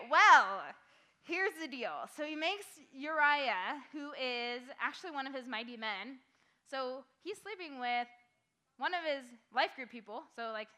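A young woman giving a casual youth-group sermon, excitable and full of "like" fillers, moving between loud outbursts and hushed earnest talk. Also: high-pitched, moderate pace.

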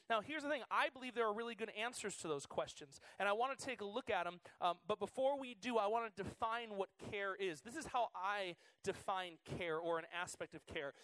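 A man in his thirties giving a chatty, excitable sermon to students as their youth pastor, full of fillers. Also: high voice, no echo. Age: 30s.

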